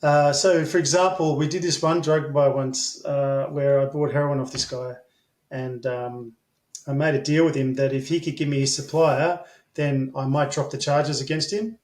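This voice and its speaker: A man's voice: mid-range voice, steady tone, moderate pace, darkish tone. Australian man telling rambling stories. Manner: rambling, filler-heavy, blunt and swearing. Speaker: interview guest. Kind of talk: casual storytelling. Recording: echoey room.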